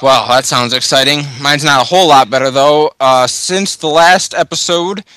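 A man's voice: on the high side, normal speed, pushed and bright, clean tone, dry recording. A man hosting a casual podcast chat after a few drinks, loose and rambling. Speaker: podcast host.

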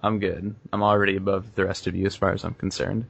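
A man's voice: low-pitched, flat delivery, fast, creaky, husky, no room sound. A man co-hosting a gaming podcast, bantering with jokes and mock self-assurance. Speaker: podcast co-host. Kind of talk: casual chat.

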